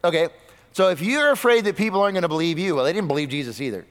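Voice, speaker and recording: A man's voice: a little high, lively intonation, racing. Preaching man in a reverberant hall. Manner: dynamic preaching, rhetorical questions, swings between loud and soft. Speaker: pastor. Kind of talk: sermon.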